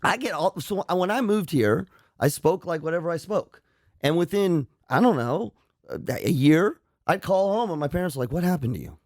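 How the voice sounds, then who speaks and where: A man's voice: high-pitched, lively intonation, moderate pace, darkish tone, no echo, studio quality. A middle-aged man from Southern California, a psychologist co-hosting a radio show, explaining things in casual chat. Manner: explaining, eager to correct.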